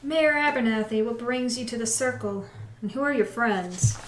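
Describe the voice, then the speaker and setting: A man voicing a soft grave druid priestess. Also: very high-pitched, moderate pace, reverberant, slight background noise, voice pushed up, poor audio. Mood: wary. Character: calm stern woman druid priestess.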